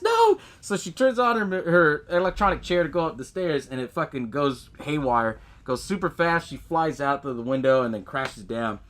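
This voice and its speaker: This podcast host has a medium-pitched, fairly bright voice and recounts a film's plot in a casual way. He's laid-back, swears a lot, laughs often and acts out lines from the movie.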